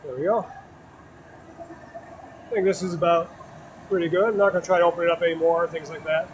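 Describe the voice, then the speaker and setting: A man from Wisconsin with a Wisconsin accent talks casually as he works at glassblowing. His voice sits a little on the high side. He is relaxed and laughs easily between remarks. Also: fairly quick, background noise. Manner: relaxed, laughs often, chats while working. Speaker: glassblower streaming his work. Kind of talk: casual livestream chat while working. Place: glassblowing studio.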